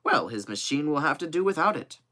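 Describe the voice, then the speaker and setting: A man's voice: fairly high pitch, sing-song, a little fast, bright, forceful tone, pitched above the performer's own voice, heavily acted. A man voicing a skeptical, stubborn hunter who speaks bluntly.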